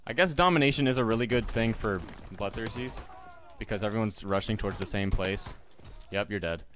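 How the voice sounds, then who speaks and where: This gaming YouTuber, a young man, gives fairly quick live commentary over his gameplay in a lowish, slightly bright voice with a little hiss or hum. He's casual, joking and muttering to himself and viewers, punctuated by sudden yelps.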